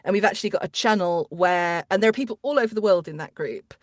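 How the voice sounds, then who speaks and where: A woman chats about her narration work, quick and full of restarts and asides. Her voice sits mid-pitch, recorded close on a dry mic with no room sound. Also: dry recording. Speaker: audiobook narrator and coach. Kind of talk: casual interview chat.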